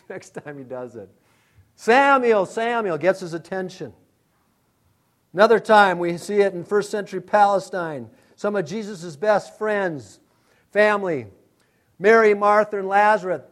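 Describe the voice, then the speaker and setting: A man preaching with a voice pitched a touch higher than most men. He swings from loud, ringing calls down to soft, hushed asides, always in the dramatic manner of a sermon. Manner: dramatic, calls out names loudly then drops to a hush. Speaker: pastor.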